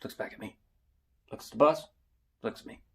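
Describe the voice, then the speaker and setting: A young man casually telling a funny story, animated and yelling out the lines he quotes. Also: moderate pace.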